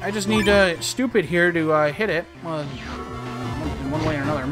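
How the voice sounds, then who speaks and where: A man's voice: on the high side, fairly quick, over loud music. A man doing casual let's play commentary, joking, swearing and talking back at the game.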